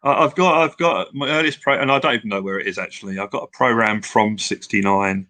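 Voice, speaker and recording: Reminiscing at length in a relaxed interview, this older guest from England rambles, restarts often, and acts out what people said. His fairly low voice sounds pushed and bright, moving at a brisk clip, recorded dry.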